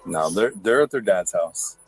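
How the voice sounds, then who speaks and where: Low-voiced male cop, calm and reassuring, body cam audio. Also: normal speed, poor audio. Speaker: police officer.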